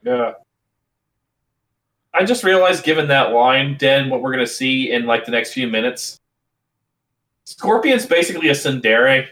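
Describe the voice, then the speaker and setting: Bright-voiced, giggly man talking movies. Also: mid-range voice, lively intonation, unhurried, long pauses. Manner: giggly, avoids spoilers, stammering restarts. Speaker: co-host watching a movie. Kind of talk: casual movie commentary.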